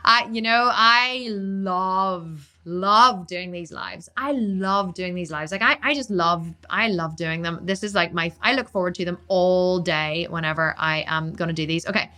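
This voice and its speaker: On a relaxed live stream, this woman, a fitness coach who also does bodybuilding, answers questions in a voice on the low side. Her delivery is rapid, energetic and forceful, with repeated words for emphasis.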